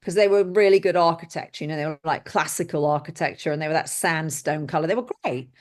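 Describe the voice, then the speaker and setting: A woman's voice: deep voice, fast. Blunt, anecdotal middle-aged woman. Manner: lively anecdotal, blunt and exclamatory. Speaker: guest, film set decorator. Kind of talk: casual interview storytelling.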